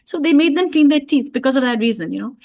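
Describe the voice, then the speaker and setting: A middle-aged woman giving an online parenting talk, telling stories in a calm, reflective way with many fillers. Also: sits high, fast, gravelly. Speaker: parenting speaker.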